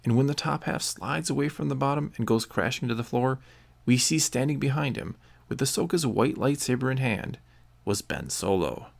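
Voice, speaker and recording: A man narrating a story aloud in a steady, descriptive way. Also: mid-range voice, moderate pace, creaky.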